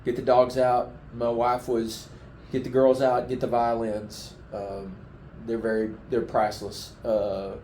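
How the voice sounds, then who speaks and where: A man giving a heartfelt, halting testimony in an interview, his emotion showing as he speaks. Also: medium pitch, flat delivery, warm tone, slight background noise. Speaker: flood survivor giving testimony. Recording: roomy echoing room.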